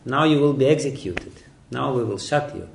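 A man's voice: medium pitch, lively intonation, moderate pace, vocal fry, slight background noise, pitched below the performer's own voice. Man doing a plain-spoken judge, matter-of-fact, echoey room.

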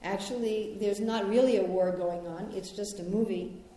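A middle-aged American woman from New York gives a conversational spiritual talk. She tells personal stories in a gently reflective way. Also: mid-range voice, steady tone, normal speed. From New York, United States. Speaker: spiritual teacher. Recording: very echoey room.

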